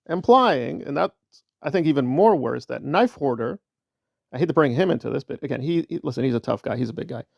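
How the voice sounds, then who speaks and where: A man delivers a combative, sarcastic commentary rant, often repeating his points. His voice is gravelly and sits fairly high, with a dry sound close to the mic. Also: no echo. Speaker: online commentator. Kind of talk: ranting commentary.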